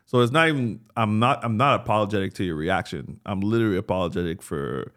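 A man with a fairly low voice talks fast and loosely on a casual podcast. He circles his point and fills it with "you know" and "like.". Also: fairly bright tone. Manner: fast, loose, reflective talk with many fillers. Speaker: podcast co-host. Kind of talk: casual chat.

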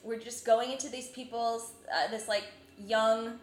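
A young woman from New Jersey hosting a casual chat, animated and full of filler words. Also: on the high side, measured pace. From New Jersey, USA. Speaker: podcast host. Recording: roomy echoing room.

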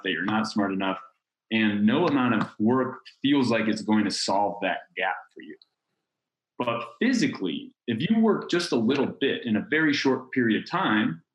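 A man's voice: fairly low pitch, a bit bright. A man in his thirties, a startup founder, telling his story in candid, rambling casual talk with some swearing. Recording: roomy echo.

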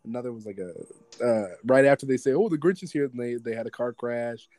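A man's voice: medium pitch, brisk, no echo. A man co-hosting a podcast, casually and animatedly retelling movie scenes and acting out quotes. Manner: animated, rambling storyteller who acts out movie quotes. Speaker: podcast co-host.

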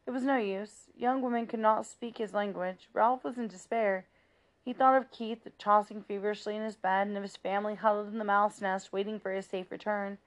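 A woman reading a children's novel aloud in a steady, plain narrating voice, with small slips. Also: medium pitch, brisk. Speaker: reader.

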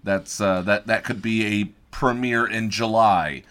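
A man co-hosting a podcast in relaxed, self-deprecating casual chat, sometimes stumbling over words. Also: on the low side, measured pace. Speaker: podcast co-host.

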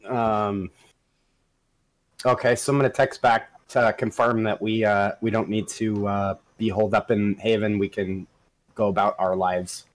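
A man's voice: lowish voice, level tone, measured pace, natural voice. A man playing an earnest young man who hedges and tries to keep the peace in a tabletop role-play. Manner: earnest, with hedging fillers.

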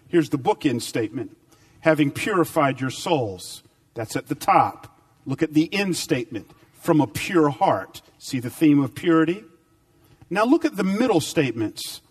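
A man preaching a sermon with emphatic repetition, swinging between loud, high bursts and low, quiet stretches. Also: distant mic. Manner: dynamic, emphatic repetition with big swings in pitch and volume.

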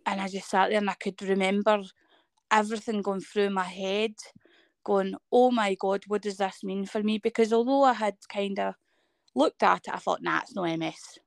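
Woman, thirties, Scottish accent, gravelly, dry close sound, animated storyteller. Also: medium pitch, moderate pace, no room sound. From Scotland. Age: 30s. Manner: animated storytelling, acting out quoted dialogue. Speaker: guest. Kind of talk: personal story in conversation.

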